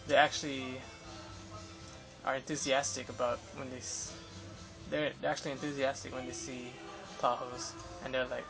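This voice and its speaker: A man's voice: mid-range voice, flat delivery, normal speed, gravelly, poor audio. A young man in a casual vlog, recounting an interview with photographers in a rambling way, full of fillers and restarts. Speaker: vlogger. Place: Los Angeles area. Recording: music playing behind.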